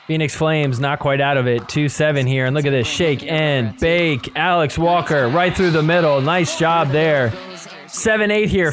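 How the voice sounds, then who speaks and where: A man with a notably high-pitched voice hosts a sports podcast and walks through match highlights in a relaxed play-by-play. He chuckles often as he talks and drops into quick imitations of the players. Faint music plays softly behind him. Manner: impersonates players in quick asides. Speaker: podcast host. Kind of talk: casual play-by-play recap.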